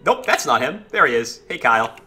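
A man's voice: medium pitch, big pitch swings, brisk, bright, forceful tone, slightly rough. A man chatting casually while streaming a game, greeting viewers and reacting to it. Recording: game music playing behind. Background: faint game music.

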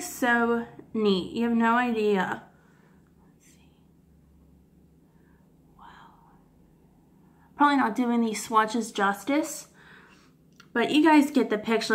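A woman beauty vlogger swatching makeup for her viewers, gushing and giddy, often apologizing for her technique and dropping into soft whispers. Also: fairly high pitch, takes it slowly, pauses often. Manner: gushing, giddy, keeps addressing viewers as guys. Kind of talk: casual makeup swatch review.

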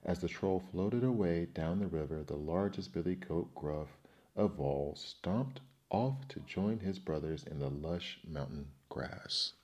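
A man reading folktales aloud as a soft, soothing ASMR bedtime story. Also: sits low, unhurried.

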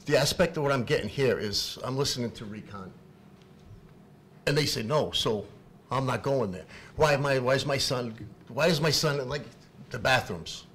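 A man's voice: medium pitch, slight background noise. Impassioned father at a podium. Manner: impassioned, halting, repeats words, swings from quiet to shouting. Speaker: parent speaking at public comment. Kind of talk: emotional unscripted public comment. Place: public meeting hall.

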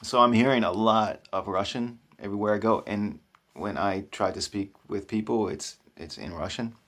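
A man's voice: fairly low pitch, normal speed, fairly bright tone. A man telling stories in a casual vlog, chatty and self-deprecating, often restarting his sentences. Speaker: vlogger. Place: new apartment.

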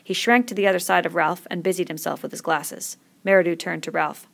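A woman narrating a novel in a measured, expressive reading. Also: on the low side, gravelly. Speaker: reader. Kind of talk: audiobook narration.

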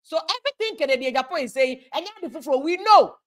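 A woman's voice: high-pitched, lively intonation, fast. A woman with a Ghanaian accent giving a passionate, preachy political monologue, switching between Twi and English. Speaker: political commentator.

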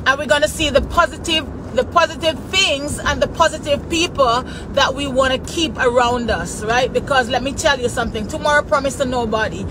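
A woman's voice: sits high, fairly quick, few pauses, crowd noise. A Jamaican woman chatting casually with her live-stream viewers while she drives, greeting them by name in patois-flavored speech. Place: inside a car in traffic. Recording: noisy car, road noise behind.

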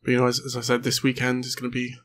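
A hoarse man giving excitable, chatty let's play commentary and swearing often. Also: mid-range voice, very fast. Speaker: gaming channel host. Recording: noisy home recording.

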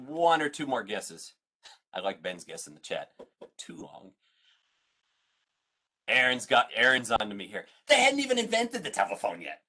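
A man's voice: medium pitch, bright, forceful tone. A man, a museum science educator, leading an online family science lesson, playful and full of questions for his audience.

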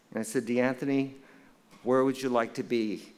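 Older man telling a lively stage story. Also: medium pitch, moderate pace, smooth. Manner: acts out quoted dialogue in an animated, humorous way. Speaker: award presenter. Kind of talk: storytelling speech. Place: event stage before an audience.

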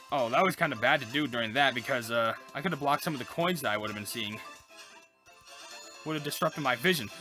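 A woman plays through a game with casual, excitable commentary, gushing over every cute detail. Her pitch swings widely from low mutters to high squeals. Faint game music runs beneath her. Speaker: gaming channel host. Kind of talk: casual let's-play commentary.

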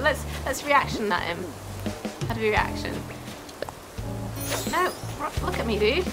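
A woman gives chatty let's play commentary, her high voice swinging up and down as she giggles. Game music plays clearly behind her. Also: animated, a little fast, long pauses. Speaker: gaming channel host.

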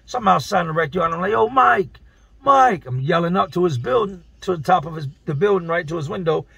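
A man's voice: a little high, quick pace, gravelly, fairly bright tone, husky, no echo. A man telling stories from prison in casual street slang, acting out the other people's lines as he goes. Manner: streetwise slang, acts out quoted dialogue. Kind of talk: casual storytelling.

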